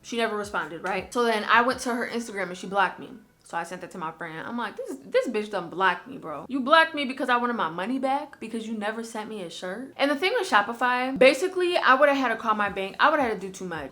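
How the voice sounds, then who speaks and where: Young woman ranting a storytime, bright sharp voice, cussing a lot. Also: a little high. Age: 20s. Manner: candid, heavy swearing, animated slang. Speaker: vlogger. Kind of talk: storytime vlog, casual chat.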